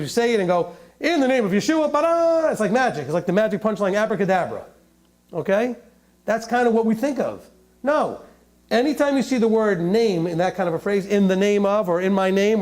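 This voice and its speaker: A man with a high, very lively voice gives a teaching sermon, working through scripture verse by verse. He talks like he is chatting with his listeners, slips in jokes and keeps asking "right?" and "okay?". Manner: joking asides, laughing at his own humor. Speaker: Bible teacher.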